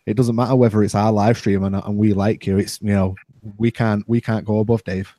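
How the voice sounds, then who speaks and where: A man's voice: fairly low pitch, level tone, a little fast, mellow, dry recording. A man co-hosting a live stream, talking casually and rambling with laughs. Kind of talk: casual group chat.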